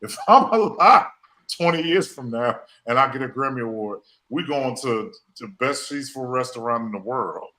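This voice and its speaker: A man's voice: medium pitch, expressive, normal speed, sharp tone, low-quality recording. A man hosting a podcast, speaking, repeating phrases and using folksy slang. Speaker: podcast host. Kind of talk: emotional motivational talk.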